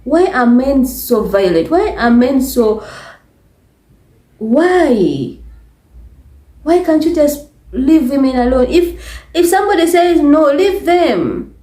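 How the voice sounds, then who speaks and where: A woman's voice: sits high, big pitch swings, takes it slowly, long pauses, mellow. A woman with a Ugandan English accent talking to camera in a casual vlog, emphatic, repetitive and exasperated. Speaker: vlogger. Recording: echoey room.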